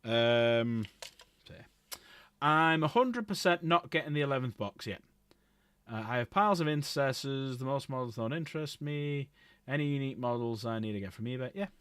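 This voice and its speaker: A man's voice: medium pitch, expressive, normal speed, fairly bright tone, clean tone, no echo. A middle-aged man rambling casually while he paints models on a livestream, swearing freely.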